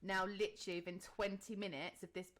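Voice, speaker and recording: A woman in her thirties from England, co-hosting a relaxed podcast, talking at an ordinary pitch. She tells a long personal story, playing out her own reactions along the way. She swears casually as she goes. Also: fast. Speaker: podcast co-host. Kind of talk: casual chat.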